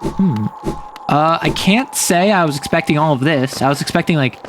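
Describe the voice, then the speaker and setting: A man's voice: on the high side, normal speed, slight background noise. A man streaming a game, playfully musing and giggling as he plays. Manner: playful, giggly, muses aloud. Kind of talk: gameplay commentary. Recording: voice over loud game music.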